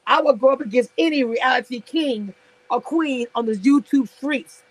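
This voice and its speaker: A woman's voice: fairly high pitch, measured pace, no echo, poor audio. A woman hosting a casual live stream about reality TV, sassy and laughing often as she answers her viewers in chat.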